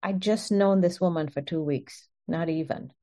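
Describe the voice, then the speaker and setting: A woman telling her own story in an earnest, animated way, often breaking into short laughs. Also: fairly low pitch, normal speed. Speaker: speaker sharing a personal testimony. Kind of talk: personal storytelling.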